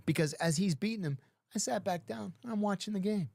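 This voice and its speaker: A man's voice: sits high, brisk, vocal fry, darkish tone, dry recording, studio quality. A middle-aged man telling stories in casual talk, acting out other people's lines as he goes. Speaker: podcast guest. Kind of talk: casual storytelling.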